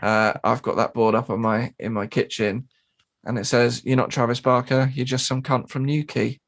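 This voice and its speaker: A man co-hosting a podcast, telling a gig story in casual chat, swearing and mimicking people in high squeaky voices. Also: little pitch movement, moderate pace, a bit bright. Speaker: podcast co-host and drummer.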